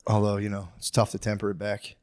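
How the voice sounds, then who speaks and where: A man co-hosting a comedy podcast in casual chat, rambling and acting out quotes, sometimes jumping into a shrill voice. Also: completely flat delivery, fast talker, darkish tone. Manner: rambling, acts out quotes with sudden high-pitched outbursts. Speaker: podcast co-host.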